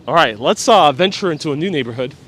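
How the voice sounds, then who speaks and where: A man's voice: fairly high pitch, fast talker. Joking man hosting a street live stream. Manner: joking, deadpan, reading out viewer comments. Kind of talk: casual live-stream walking tour. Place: outdoors on city streets. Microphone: wireless clip-on mic while walking.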